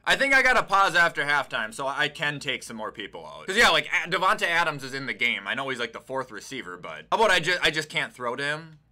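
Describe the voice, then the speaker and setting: A young man giving casual, excitable commentary over a football video game, swearing and yelling at the plays as he goes. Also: fairly high pitch, fast talker, hardly any pauses. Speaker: gaming YouTuber.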